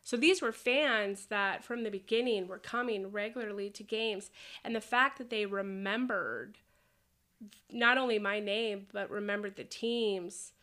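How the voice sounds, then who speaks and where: Bright-voiced woman telling stories. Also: medium pitch, unhurried. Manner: animated storyteller, acts out quoted voices. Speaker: podcast guest, roller derby skater. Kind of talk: casual interview chat.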